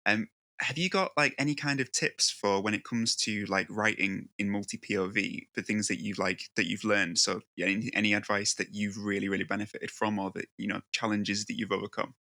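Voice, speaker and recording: A man's voice: lowish voice, fairly even intonation, brisk, pushed and bright. A man hosting a casual interview, asking rambling, hesitant questions. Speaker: interview host.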